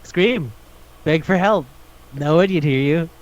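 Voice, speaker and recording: A man's voice: on the high side, measured pace. Profane ranting man, lo-fi audio. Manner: profane, exasperated ranting with acted-out quotes. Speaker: podcast co-host. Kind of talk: casual chat reviewing a manga. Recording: dull lo-fi audio.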